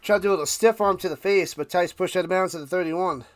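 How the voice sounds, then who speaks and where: A high-pitched, fast-talking man hosts a live stream, blending casual play-by-play of a football game with chat to his viewers. He gets loud on big plays and occasionally coughs and clears his throat. There's no room sound.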